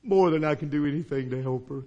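A man voicing a blind old male beggar, desperate and pleading, with a gravelly sound in a sermon story. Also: a little high, fast talker, dull audio, pitched below the performer's own voice, lightly acted. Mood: pleading, hushed. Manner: hushed pleading turning to cries for help.

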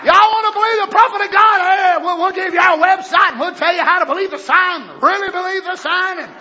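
A loud, hyped-up young male believer, shouting out his pitch in a high, bright voice, as a preacher puts him on. He sounds like a street salesman, nearly yelling every line. The recording is a little dull, with a faint congregation behind him. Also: a little fast, some chatter behind, full character voice. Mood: pushy, excited. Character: eager young male believer handing out sermon tapes.

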